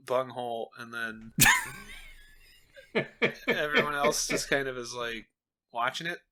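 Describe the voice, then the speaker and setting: A man's voice: mid-range voice, steady tone, a little slow, a loud crowd. A man co-hosting a podcast, chatting casually and giggling while he riffs on jokes. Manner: giggly, riffs with silly put-on voices. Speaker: podcast co-host. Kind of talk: casual comedic chat. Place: home recording late at night.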